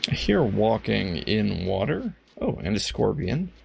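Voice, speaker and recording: A man's voice: lowish voice, sing-song, a little slow, creaky, a little mellow, a little hiss or hum. A man giving playful, self-mocking commentary while playing a game. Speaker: let's play gamer. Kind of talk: casual gameplay commentary.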